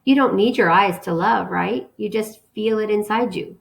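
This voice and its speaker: A woman voicing a tired, loving mother who speaks in a hushed, soothing way at bedtime. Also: mid-range voice, moderate pace, gravelly, natural voice.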